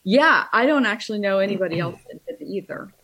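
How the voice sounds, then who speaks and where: A woman's voice: medium pitch, expressive, fast talker, fairly bright tone. A woman who teaches Reiki, casually telling a long story with a wry, chatty manner and acting out the lines of the people in it.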